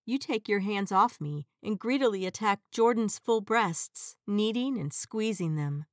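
Lady reading an intimate audio story, soft and even, dry close mic. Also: medium pitch, a little slow, dry recording. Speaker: narrator. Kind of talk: erotic audio story narration.

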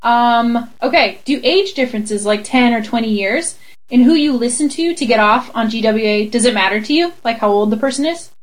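A woman with a Canadian accent, co-hosting a casual chat, giggly and animated, often slipping into mock voices. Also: fairly high pitch, normal speed, poor audio. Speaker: podcast co-host.

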